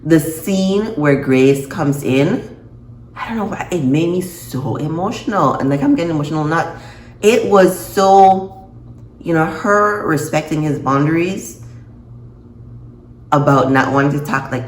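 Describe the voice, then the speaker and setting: A woman reviewing a TV episode in a casual vlog, expressive and quick to laugh and gasp. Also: low-pitched. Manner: expressive, reacts with laughs and gasps. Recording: echoey room, faint noise.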